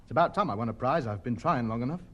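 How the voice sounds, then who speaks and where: A man's voice: mid-range voice, lively intonation, racing, fairly bright tone, lo-fi sound. An actor playing a pompous, fussy man who proudly grows vegetables, in 1950s radio comedy acting. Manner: self-important, indignant.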